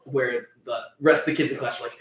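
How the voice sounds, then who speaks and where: A man's voice: medium pitch, steady tone, fast talker, noisy background. A man in casual chat, rambling with lots of fillers. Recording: echoey room, far from mic, crowd chatter.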